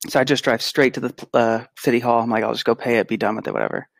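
A man co-hosting a podcast, telling an animated, casual story and acting out the quotes. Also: mid-range voice, fast talker, gravelly, dry recording. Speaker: podcast co-host; pediatric physical therapist. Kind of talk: casual chat.

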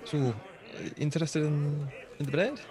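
A man acting as game master for a tabletop role-playing game, quick with rulings and laughing often. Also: on the high side, crowd noise.

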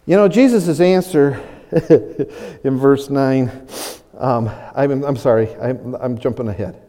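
A man preaching a sermon as pastor, animated and acting out the voices of people he quotes, chuckling often. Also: mid-range voice, slow, long reverb tail.

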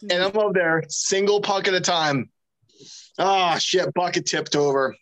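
A man's voice: high-pitched, steady tone, measured pace, fairly bright tone, poor audio. A man, a former hockey player, guesting on a podcast and telling self-mocking stories with laughs. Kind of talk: casual podcast chat.

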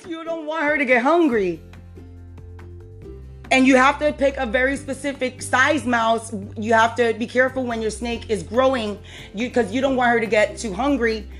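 Young adult woman podcast host, fairly high voice, chatty and laughing as she tells a story, faint music under her. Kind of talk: casual chat.

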